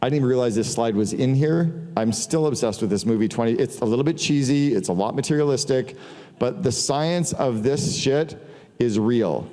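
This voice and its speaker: A middle-aged man talks to a live audience in a large hall. His voice is mellow and relaxed, and the long reverb of the room trails after each phrase. He speaks casually, swears now and then, and acts out the people in his stories. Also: medium pitch, normal speed. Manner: casual, profane, storytelling with quoted dialogue. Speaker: speaker giving a business talk. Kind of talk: casual conference talk.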